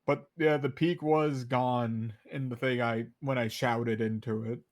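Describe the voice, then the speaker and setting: A man's voice: mid-range voice, steady tone, unhurried, no room sound, clean studio sound, faint music behind. A man chatting casually on a stream, rambling with lots of fillers and restarts. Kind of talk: casual chat.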